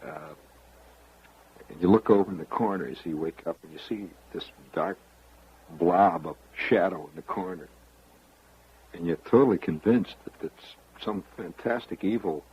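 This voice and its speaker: A man's voice: deep voice, moderate pace, long pauses, slightly rough, highs cut off. A man hosting a radio show, spinning a rambling, wry monologue straight to the listener. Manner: rambling storyteller, confiding, wry. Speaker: radio host.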